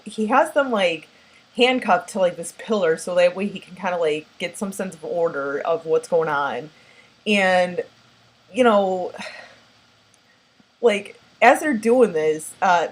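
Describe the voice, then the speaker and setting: Chatty woman doing a movie recap, kinda low voice, lots of "like" and "you know", jumps into the characters' lines. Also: rough recording. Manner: rambling, heavy on filler words; animated, acts out characters' lines. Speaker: movie reviewer.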